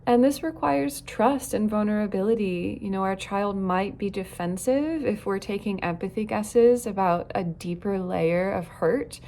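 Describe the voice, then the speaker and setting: A woman's voice: medium pitch, measured pace, hardly any pauses, dark tone, a little hiss or hum. A woman teaching parents in an earnest, reflective way, now and then acting out short quoted lines. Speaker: parenting educator. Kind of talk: recorded talk on parenting.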